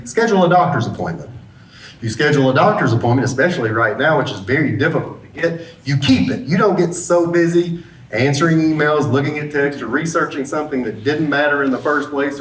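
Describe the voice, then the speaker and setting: Middle-aged man, business coach, motivational talk, roomy hall sound, heard from a distance. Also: mid-range voice. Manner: lively storyteller who acts out the dialogue. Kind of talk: motivational talk with a personal story. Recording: roomy sound, mic at a distance, faint background hum.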